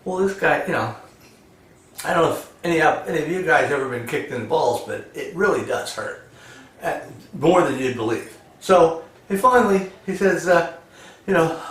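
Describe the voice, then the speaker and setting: A man's voice: fairly high pitch, animated, normal speed, fairly bright tone. A man telling old jokes in a rambling way, full of "you know" and laughing at his own punchlines. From United States. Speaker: joke teller. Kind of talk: casual joke telling. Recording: echoey room, voice a bit far from the mic.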